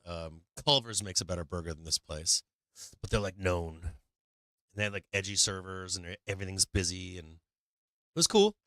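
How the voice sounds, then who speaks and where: A man's voice: low voice, a bit bright, no echo. An older man from Boston with a Boston accent, hosting a livestream and telling a rambling story in casual chat, laughing often and swearing freely. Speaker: livestream host.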